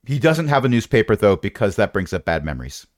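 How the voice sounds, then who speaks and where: A man's voice: on the low side, very animated, fast talker, no echo, studio quality. A man narrating a tabletop game as game master, with playful, rambling descriptions and asides.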